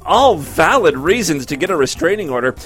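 A man's voice: fairly high pitch, very animated, a little fast, fairly bright tone, faint music behind. A man hosting a radio talk show, making sarcastic, mocking remarks over a clip. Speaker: radio host.

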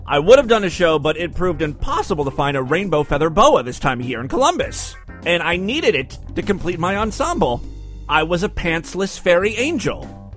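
A man hosting his own comedy podcast, rambling and sarcastic, with loud bursts and mumbled asides. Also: fairly high pitch. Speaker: podcast host. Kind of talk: comedic monologue.

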